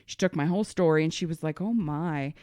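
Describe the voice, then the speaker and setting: A woman's voice: deep voice, steady tone, very fast, warm tone, dry recording, clean studio sound. A middle-aged woman co-hosting a podcast, telling a story in casual chat and swearing freely. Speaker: podcast co-host.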